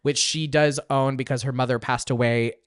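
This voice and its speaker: A man's voice: medium pitch, steady tone, moderate pace, clear, resonant tone, no echo, studio quality. Chatty man recapping a movie. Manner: rambling, filler-heavy storytelling with acted-out quotes. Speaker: podcast host reviewing a film. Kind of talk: casual chat.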